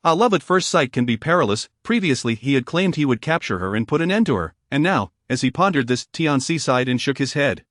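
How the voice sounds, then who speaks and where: A man narrating a fantasy story in an even, formal reading style. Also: mid-range voice, brisk, few pauses, dry recording, studio quality.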